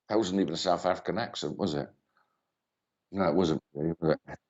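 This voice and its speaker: A man's voice: deep voice, fairly quick, a little mellow. Chatty man with dull lo-fi sound. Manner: rambling, chatty, greets viewers by name, many fillers. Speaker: medium hosting a live reading show. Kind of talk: live-stream chat and mediumship reading. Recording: dull lo-fi stream audio.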